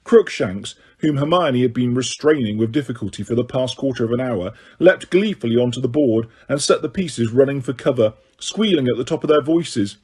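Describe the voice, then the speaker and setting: A male audiobook narrator tells the story in a steady, even way. His voice sits at a middling pitch and has a husky grain. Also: moderate pace, hardly any pauses. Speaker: audiobook reader.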